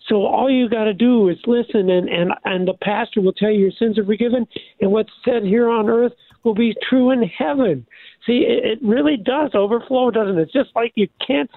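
An older male pastor calls in to a radio show, his high, gravelly voice coming through a tinny, dry phone line. He preaches in an animated way, restarting phrases as he builds his point. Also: moderate pace, no room sound. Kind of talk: devotional radio talk.

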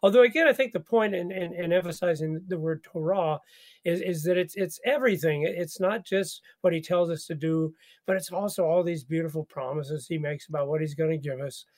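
A man hosting a conversational radio Bible study, animated, laughing often and repeating words as he thinks. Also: on the high side, fairly quick.

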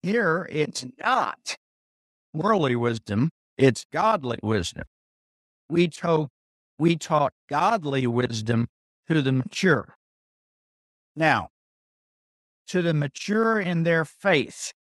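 A man teaching through a Bible passage verse by verse, deliberate and pausing, repeating key phrases for emphasis. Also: fairly high pitch, lively intonation, fairly bright tone, dry recording, studio quality. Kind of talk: slow expository Bible teaching.

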